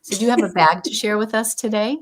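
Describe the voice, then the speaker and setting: A woman hosting a casual livestream chat, relaxed and talkative, greeting viewers by name. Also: mid-range voice, fast. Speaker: host.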